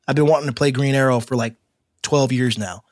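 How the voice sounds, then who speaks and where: A man co-hosting a podcast in casual chat, animated and rambling, with frequent laughs. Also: mid-range voice, brisk, dry recording, clean studio sound. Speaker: podcast co-host.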